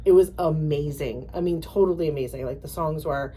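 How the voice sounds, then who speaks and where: Woman host, a bit low-pitched, animated storyteller who breaks into quoted voices, casual podcast chat. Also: slight background noise. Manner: halting, many fillers and restarts.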